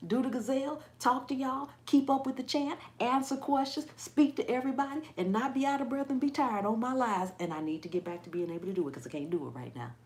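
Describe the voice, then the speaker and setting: A woman hosting a casual live stream, hyper and animated, often laughing and mimicking people. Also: sits high. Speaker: gardening channel host.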